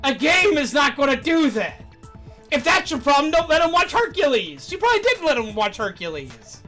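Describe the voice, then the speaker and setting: A woman hosting a game stream in loose, profane, animated chat. Her voice sits high and sounds bright, with faint game music playing under it. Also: normal speed. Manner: animated, swearing, laughing ranting. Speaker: streamer host. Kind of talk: casual ranting chat.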